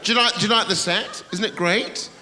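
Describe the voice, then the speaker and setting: An English man with a high-pitched voice does a brash stand-up set in a large theatre, swearing and teasing the audience at a fairly quick pace. The recording is reverberant, with audience noise.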